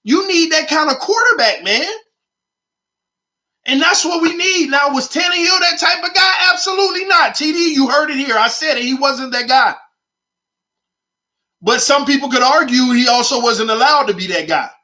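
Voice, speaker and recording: A man's voice: very high voice, lively intonation, moderate pace, long pauses, sharp tone. A man hosting his own sports channel, arguing his points emphatically and repeating them for effect in casual commentary.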